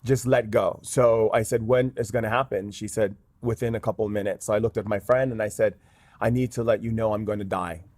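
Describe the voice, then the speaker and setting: A man's voice: fairly low pitch, fairly even intonation, brisk, a little mellow, dry recording. A man, a guest shaman in an interview, telling a story earnestly with many fillers. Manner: earnest, with frequent "um" and "like".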